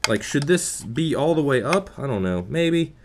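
A man's voice: mid-range voice, expressive, moderate pace, a little mellow, a little hiss or hum. Frustrated, profane young man ranting. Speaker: vlogger. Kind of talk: casual ranting vlog.

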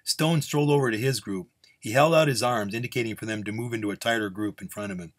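A man reading a Western story aloud in an unhurried, relaxed way. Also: lowish voice. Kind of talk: storytelling narration.

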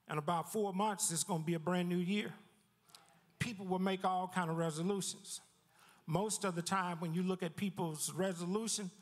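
Pastor guy preaching, high voice, lots of echo hanging in the church, repeats himself and dips way down. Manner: lively preaching with repeated words and sudden drops in pitch. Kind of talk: sermon. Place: church sanctuary.

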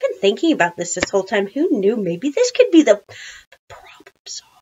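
Animated woman reading a storybook aloud. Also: medium pitch, brisk, muffled recording, a little hiss or hum. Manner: animated, chatty asides.

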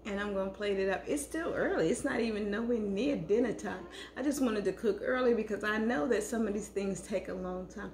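A cooking vlogger with a mid-range, slightly mellow voice chats casually to camera, talking a little fast with hardly any pauses. She's affectionate and chatty, calling her viewers hunty, and speaks with food in her mouth. The room is echoey, with faint noise.

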